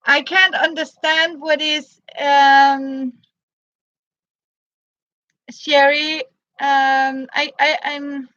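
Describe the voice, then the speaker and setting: A woman whose first language is Danish shows off boots she made, in slow, halting English full of fillers. Her voice sits high and bright. The recording is dry and slightly dull. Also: little pitch movement, no room sound. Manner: halting, searching for words, many fillers. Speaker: crafter showing handmade boots. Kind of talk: casual show-and-tell.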